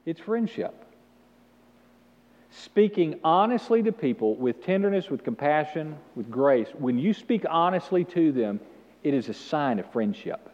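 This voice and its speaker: A male pastor preaching an animated sermon with call-and-response to the congregation in a church. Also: on the high side, moderate pace. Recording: dull sound with long hall reverb.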